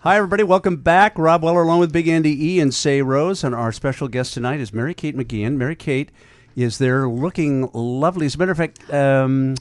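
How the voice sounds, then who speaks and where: A man's voice: on the high side, a little fast, no echo. A man hosting a radio talk show, joking and teasing his guest in loose banter. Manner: wisecracking, teasing.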